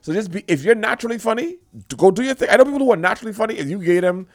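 A man with a Bahamian accent hosting a casual podcast, talking in animated, rambling bursts full of restarts and shout-outs. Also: high voice, rapid-fire, no echo, clean studio sound. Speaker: podcast host.

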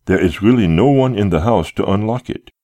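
A man reading the lines of a polite, unhurried man who calmly keeps a guest from leaving. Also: fairly low pitch, voice pushed up, close to an everyday voice. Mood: calmly courteous. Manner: courteous, unhurried, unmoved.

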